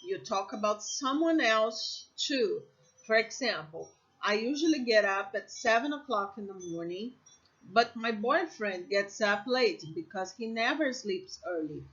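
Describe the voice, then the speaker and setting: Slow, patient woman English teacher. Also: medium pitch, expressive, fairly bright tone, muffled recording. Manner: patient, repeats examples and checks with "okay?". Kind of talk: slow, deliberate classroom explanation.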